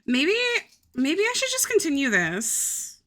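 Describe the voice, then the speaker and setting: A woman streamer chatting casually with her viewers while she draws, crude, self-mocking and quick to giggle. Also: high voice, huge pitch swings, fairly bright tone. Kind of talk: casual livestream chat while drawing.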